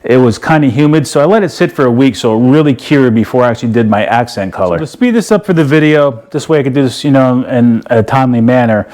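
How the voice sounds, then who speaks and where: A middle-aged man talks through a do-it-yourself job in an easy, unpolished way, stopping and restarting with plenty of fillers. His voice sits at an ordinary pitch for a man. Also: lively intonation, quick pace, hardly any pauses, a little mellow. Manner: folksy, rambling, lots of "you know" and "uh". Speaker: DIY video host. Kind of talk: casual how-to walkthrough.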